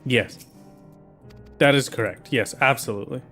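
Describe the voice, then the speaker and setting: A man's voice: medium pitch, moderate pace, a bit bright. A man chatting casually with viewers while playing a game on a livestream, in a playful, jokey way. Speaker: streamer. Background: faint game music.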